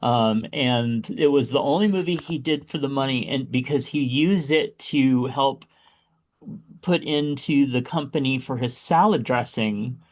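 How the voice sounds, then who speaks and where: A man co-hosting a podcast, chatting casually about a movie with big excited jumps in pitch when he exclaims. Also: measured pace. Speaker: podcast co-host. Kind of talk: casual chat reviewing a movie.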